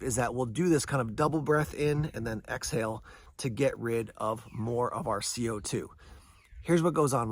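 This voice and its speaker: A man's voice: mid-range voice, no room sound. Man explaining survival breathing, dry close sound. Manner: conversational, explains step by step, answers imagined questions. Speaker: survival channel host. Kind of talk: casual instructional talk to camera.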